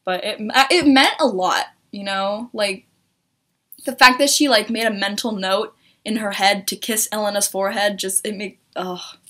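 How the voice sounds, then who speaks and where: Bright-voiced young woman gushing. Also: moderate pace. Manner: gushing, swears a lot, acts out quotes in a high voice. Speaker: vlogger. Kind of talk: excited story time vlog.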